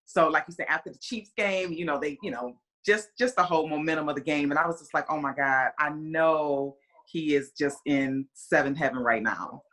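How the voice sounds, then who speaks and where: A woman in her forties tells a story with a lower voice and a forceful, bright edge. She rambles with plenty of "you know" and "kinda," and breaks into livelier voices whenever she acts out what people said. The talk is a loose, chatty guest interview. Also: moderate pace. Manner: animated, re-enacts conversations in quoted voices. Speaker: guest, mother of a player.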